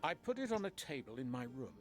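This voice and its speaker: A man's voice: a little high, big pitch swings, fast talker. An actor voicing a brusque, demanding retired male army captain in a mystery game.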